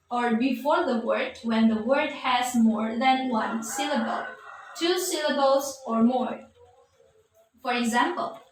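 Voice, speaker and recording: A woman teaching an English grammar lesson, patiently repeating points with fillers. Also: on the high side. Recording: echoey room from far off, faint noise.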